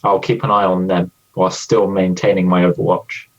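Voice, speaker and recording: Flat, low man on a muffled mic. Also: a little fast, crowd noise. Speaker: player. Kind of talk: tabletop game play.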